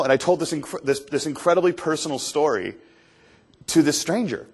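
A man from Canada telling an animated, self-deprecating story as a motivational speaker on stage. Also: mid-range voice, brisk. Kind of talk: storytelling keynote talk on stage. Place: stage before an audience.

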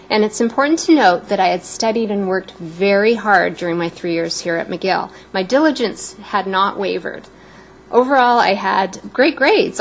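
A woman in her fifties from Canada giving a prepared, personal speech as a guest speaker, warm and a little emotional. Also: medium pitch, a little hiss or hum, low-quality recording.

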